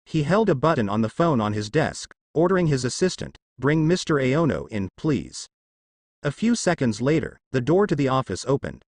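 A man narrating a fan fiction story with expressive delivery. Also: mid-range voice, brisk, hardly any pauses, dry recording, studio quality.

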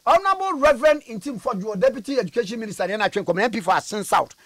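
A man's voice: extremely high pitch, lively intonation, racing, no room sound. A man hosting a radio show in a jovial, casual chat, laughing often. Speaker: radio host.

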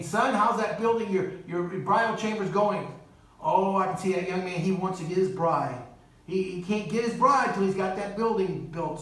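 Male preacher, high voice, heard from off the mic in a very echoey church hall. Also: distant mic. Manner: earnest preaching with quoted voices and asides. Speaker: guest preacher. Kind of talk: sermon. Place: church sanctuary.

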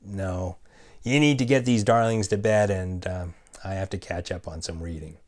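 A man voicing a weary, troubled frontier father in a spoken story, talking in a subdued, quiet, gently low way. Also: moderate pace, close to an everyday voice.

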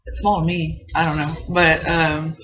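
A young woman, a college softball player chatting as a guest in a giggly, filler-heavy way. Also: low voice, little pitch movement, a little slow, a little hiss or hum. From Texas, USA. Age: 20s. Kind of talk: casual chat. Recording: muffled lo-fi recording.

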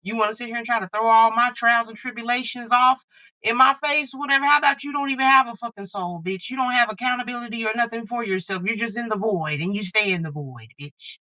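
Bright, profane tarot-reading woman. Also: on the high side, fast talker, dry recording, highs cut off. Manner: blunt, profane, fired-up channeling. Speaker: tarot card reader. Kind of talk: casual tarot reading to viewers.

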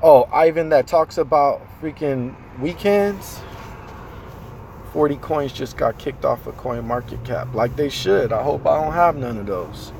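A man hosting a casual live chat from a car in the city, talking in a loose, slangy, animated way. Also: a little high, a little slow, gravelly, slight background noise. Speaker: host.

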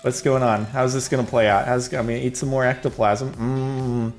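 A man's voice: medium pitch, little pitch movement, normal speed, faint music behind. A man giving casual, jokey commentary on his own gameplay, rambling and laughing as he plays. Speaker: gaming video host.

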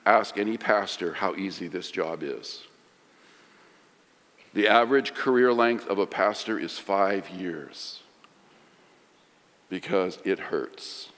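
Pastor preaching in a reverberant hall. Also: male voice, sits low, slow, pauses often. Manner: dramatic emphasis, swinging between loud and hushed. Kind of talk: sermon. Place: large church sanctuary.

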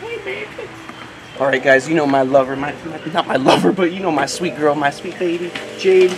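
A man hosting a casual animal vlog, talking excitedly and cooing to his pets as he feeds them. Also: on the high side, quick pace, reverberant, crowd noise, poor audio. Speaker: host of an animal channel.

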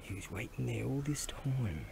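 A man's voice: mid-range voice, animated, normal speed, gravelly, dark tone, slight background noise. A man rambling casually to the camera while working with tools, crude and joking, with mumbled asides. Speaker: vlogger selling Japanese goods.

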